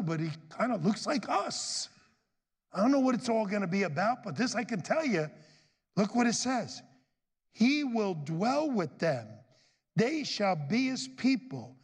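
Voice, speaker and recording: High-voiced folksy preacher man. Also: lively intonation, normal speed, slightly rough, big-room sound. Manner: folksy, asks the congregation for amens. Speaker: pastor. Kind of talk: sermon. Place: church sanctuary.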